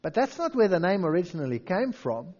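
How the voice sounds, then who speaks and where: A man giving a lively history lecture, telling stories and reading old quotations aloud with dramatic flair. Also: sits high, a little fast, dull audio.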